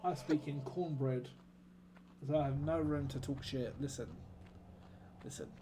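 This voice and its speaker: A man's voice: mid-range voice, steady tone, a little slow, noisy background. A man livestreaming a game, chatting casually and joking with his chat. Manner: chatty, jokey banter with chat. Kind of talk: casual gaming stream chat.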